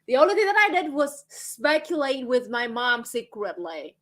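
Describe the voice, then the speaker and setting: A woman with a Vietnamese accent hosting a casual livestream chat, candid and quick to laugh. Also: high-pitched, big pitch swings. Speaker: livestream host.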